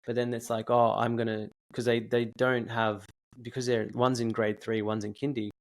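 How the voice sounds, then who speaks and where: A man in his thirties hosting a podcast, telling stories in a rambling, animated way with lots of fillers. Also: mid-range voice, moderate pace. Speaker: podcast host. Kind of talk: casual podcast chat.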